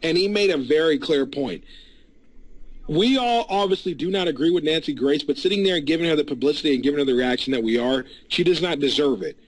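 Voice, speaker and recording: Male podcast co-host, a bit high, heated and stammering, dry close mic. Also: quick pace, no echo, rough recording. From San Antonio area. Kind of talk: casual debate.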